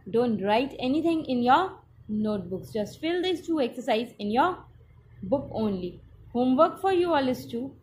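A woman teacher with an Indian English accent, giving a slow, patient class lesson that spells out each step. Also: high voice, very animated, slight background noise.

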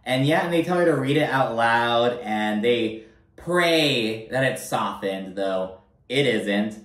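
A man talks through a reality TV episode with blunt, animated, frequently profane commentary. His voice sits at an ordinary pitch for a man. It is recorded a little away from the mic, so the room's echo carries around him. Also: slow pace. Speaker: reality TV recap host. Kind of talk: casual commentary. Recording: roomy echo, mic held at a distance.

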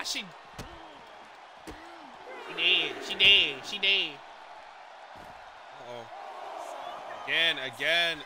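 A man calling a wrestling match as commentator, with excited play-by-play that keeps breaking into shouts, exclamations and swearing. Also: on the high side, takes it slowly, long pauses, crowd noise, noisy background.

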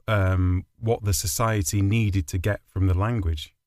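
A man's voice: on the low side, measured pace, no room sound, studio quality. A man co-hosting a podcast, chatting casually and joking. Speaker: podcast co-host. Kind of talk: casual chat.

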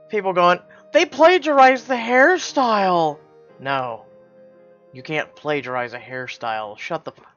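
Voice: mid-range voice, a bit bright, smooth. A host reading an interactive story game aloud with wry, irreverent asides, recorded on a home mic in a slightly dull lo-fi recording.

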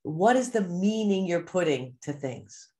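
A woman mindset coach giving an animated teaching talk to a course group, acting out the inner voices people hear. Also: lowish voice, measured pace.

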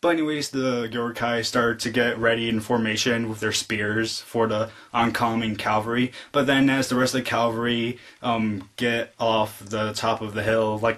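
A man talks through a movie review in a relaxed, unscripted way. His voice sits at an ordinary middle pitch. He leans on constant fillers and breaks into eager bits of acting out what the characters say. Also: normal speed, few pauses. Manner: rambling retelling full of "like" fillers; excitedly re-enacts quoted lines. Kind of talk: casual spoken film review.

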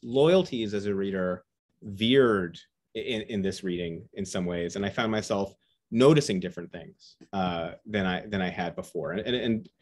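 A man interviewing an author on a video call, enthusiastic and halting, with frequent restarts. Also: low voice, a little mellow. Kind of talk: casual conversation.

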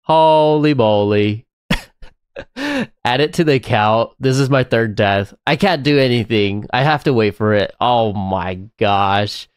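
A man giving excitable, chatty live commentary while playing a game, often breaking into laughter. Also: medium pitch, a little slow, clean tone, no room sound, clean studio sound. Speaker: live streamer.

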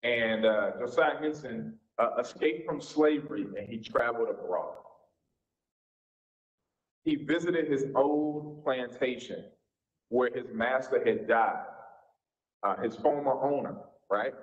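A man's voice: mid-range voice, slow pace, pauses often. A pastor in his forties with a Southern US accent, teaching a church seminar in a folksy, informal way. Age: 40s. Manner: folksy, informal preacher's talk. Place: church sanctuary. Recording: echoey, dull church recording.

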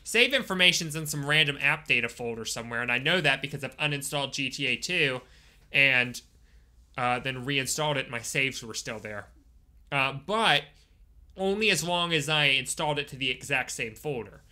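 A man giving casual live-stream commentary while playing a game, chatting with viewers and breaking into sudden excited outbursts. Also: mid-range voice, normal speed. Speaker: gaming streamer.

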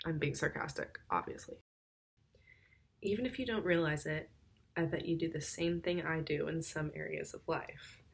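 A woman's voice: lowish voice, fairly bright tone. A woman giving a conversational youth sermon, with wry, sarcastic asides.

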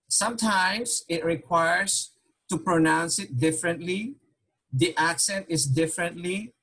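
A man's voice: on the high side, a bit bright. Patient man teaching a language class. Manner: patient, repeats questions, mixes Tagalog and English. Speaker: Tagalog teacher.

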